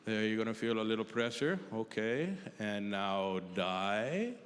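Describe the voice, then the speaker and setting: A comedian putting on the voice of a calm, soothing male heart doctor with an accent, who talks slowly and gently. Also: mid-range voice, voice pushed down, lightly acted. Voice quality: slow, gentle, reassuring. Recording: reverberant live hall with audience noise.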